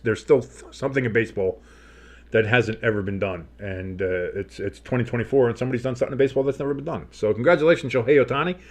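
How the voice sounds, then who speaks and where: Rambling, profane fan play-by-play man. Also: mid-range voice. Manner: rambling, profane, joking asides; says he is talking fast on too much coffee. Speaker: play-by-play commentator. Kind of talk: casual fan play-by-play commentary.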